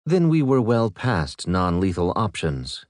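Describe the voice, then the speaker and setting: A man voicing a sentient male warship intelligence in an audiobook, measured and matter-of-fact. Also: sits low, big pitch swings, no room sound, clean studio sound. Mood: calm.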